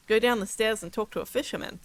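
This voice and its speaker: A woman's voice: fairly high pitch, quick pace, clean tone. A woman streaming a game, giving casual, giggly commentary. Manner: giggly, chatty.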